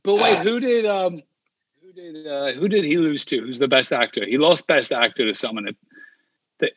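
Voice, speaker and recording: A man's voice: a little high, lively intonation, moderate pace, fairly bright tone, no room sound. A man co-hosting a podcast over a video call, chatting casually and eagerly telling childhood stories. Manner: enthusiastic, tells stories from childhood. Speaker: podcast co-host. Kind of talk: casual chat.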